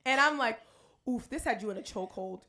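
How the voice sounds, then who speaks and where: A woman's voice: a little high, fairly quick, bright, forceful tone. A young woman hosting a podcast, teasing her guest in upbeat casual chat. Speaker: podcast host.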